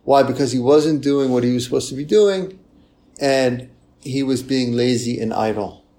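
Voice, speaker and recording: This conversational sermon comes from a man of medium pitch speaking at a moderate pace. He repeatedly checks in with "right?" and uses a softer voice when playing out confessions.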